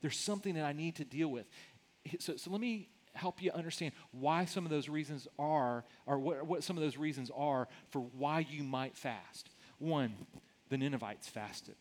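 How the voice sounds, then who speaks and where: Speaking at a normal speed in a fairly high voice, a middle-aged pastor delivers a conversational sermon. He often repeats words when starting a sentence.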